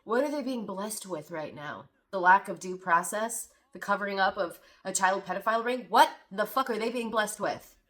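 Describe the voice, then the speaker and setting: A woman's voice: mid-range voice, normal speed, a bit bright. Sarcastic, indignant woman podcast host. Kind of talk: reaction commentary.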